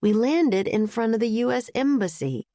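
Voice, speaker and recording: A woman voicing an earnest, excited young boy who is bookish and keen. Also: on the high side, normal speed, dry recording, clean studio sound, voice pushed up.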